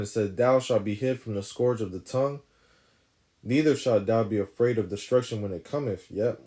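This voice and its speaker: A man with a lowish, mellow voice teaches the Bible informally, reading verses out loud and explaining them with emphasis. He's a scripture teacher who keeps tacking "right?" onto each point he makes.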